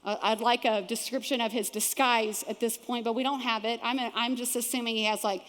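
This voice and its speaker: A woman pastor with a Texan accent preaching a sermon, animated and acting out the voices of people in the story. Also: fairly high pitch, a little fast. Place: large church auditorium. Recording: long hall reverb from a church auditorium.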